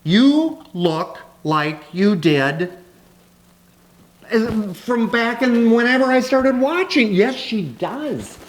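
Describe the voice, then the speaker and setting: A woman's voice: a little high, animated, slow pace. A woman hosting a casual interview, gushing and affectionate, calling her guest honey. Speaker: talk show host.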